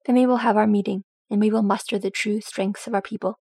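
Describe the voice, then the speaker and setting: A woman's voice: mid-range voice, steady tone, quick pace, gravelly, darkish tone, slightly rough, dry recording. A woman voicing a stern, loving old male dwarf lord who speaks to his son in a firm, commanding way. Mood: gently teasing.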